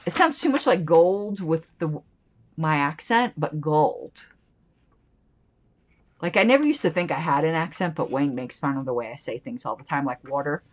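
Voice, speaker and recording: Woman host, reads old text aloud, chatty asides, animated delivery. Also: low-pitched, normal speed. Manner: chatty and playful, drifting into side remarks. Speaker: political commentary channel host. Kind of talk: reading an old newsletter aloud with casual asides.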